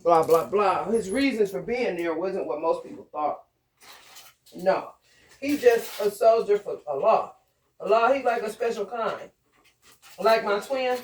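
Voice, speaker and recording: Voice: mid-range voice, darkish tone. Chatty vlogger rambling to the camera, lots of slang and cussing, laughs a bunch, keeps saying honey. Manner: loose, slangy and profane, laughs often, calls listeners honey and baby. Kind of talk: casual monologue.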